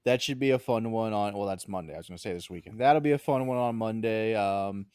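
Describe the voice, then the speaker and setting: A man's voice: on the low side, quick pace, darkish tone, clean tone, dry recording, clean studio sound. A young man co-hosting a sports podcast, chatting in a laid-back way with wry asides. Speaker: podcast co-host. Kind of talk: casual sports chat.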